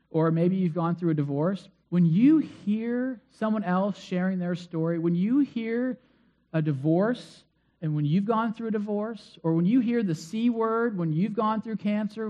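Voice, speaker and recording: A man's voice: high-pitched, highs cut off. A man preaching a conversational sermon as pastor. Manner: conversational, acts out quoted voices.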